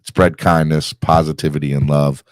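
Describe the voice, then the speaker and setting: A man's voice: very deep voice, level tone, normal speed, dry recording, clean studio sound. A man hosting a sports podcast, talking earnestly in a rambling way with many fillers. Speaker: podcast host. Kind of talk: casual sports podcast chat.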